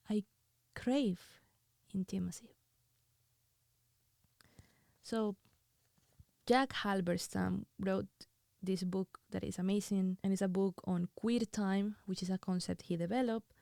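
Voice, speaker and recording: A woman hosting her own show, crying as she reads her own writing in an emotional, halting, intimate way. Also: mid-range voice, creaky, mellow, dry recording, clean studio sound. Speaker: host.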